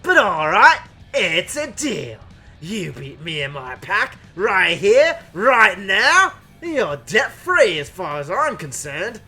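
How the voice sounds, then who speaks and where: A woman's voice: mid-range voice, big pitch swings, extremely slow, few pauses, pushed and bright, faint music behind, full character voice. A woman voicing a brash, swaggering male gambler whose hammy accent drifts between British and Australian. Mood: gloating.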